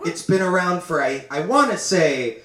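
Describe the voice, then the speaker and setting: A man in his twenties telling a comic story live on stage, animated and laughing as he goes. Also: a little high, normal speed, recorded from a distance. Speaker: comedian. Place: stage in a venue. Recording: roomy live stage recording from afar.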